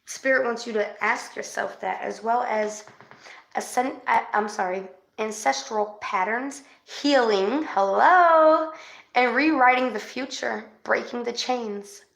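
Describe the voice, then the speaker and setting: A woman with a fairly high voice hosts a livestream spirit session as a psychic reader. She is chatty and easily worked up, calling her viewers babes. The sound bounces around an echoey room. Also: unhurried, vocal fry, a bit bright.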